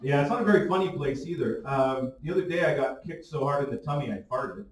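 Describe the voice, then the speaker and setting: A man's voice: mid-range voice, animated, quick pace, noisy background. Self-mocking male stand-up host. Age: late 30s. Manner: self-mocking, chuckles through his jokes. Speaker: stand-up comedian and show host. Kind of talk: stand-up comedy set. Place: comedy club stage. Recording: echoey room, from far off.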